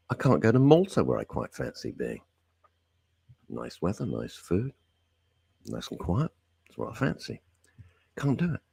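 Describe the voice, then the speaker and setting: A deep, gravelly man holds forth in a studio, his low voice lurching from growl to sudden high bursts. The tone is husky and close, with no room sound at all. He talks bluntly, like a radio host airing a rant. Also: darkish tone, no room sound. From Britain. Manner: blunt, ranting, sweeping pitch swings. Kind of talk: opinionated talk radio monologue.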